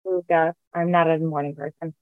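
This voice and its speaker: A woman's voice: low-pitched, level tone, normal speed, clear, resonant tone, no room sound. Casual woman contestant over a tinny line.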